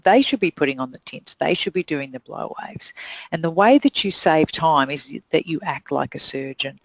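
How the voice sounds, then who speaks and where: A woman's voice: deep voice, dry recording, rough recording. A middle-aged woman with a New Zealand accent, giving a blunt, direct motivational talk to salon owners and hairdressers. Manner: blunt, direct, acts out quoted voices. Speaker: salon business coach.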